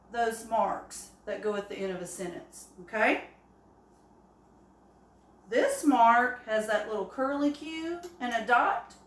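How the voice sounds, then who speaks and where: Woman teacher, patient and encouraging, slow delivery, echoey classroom-style sound. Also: fairly high pitch, fairly bright tone. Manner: slow, encouraging, with drawn-out examples. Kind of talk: early-grade phonics lesson. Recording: echoey room.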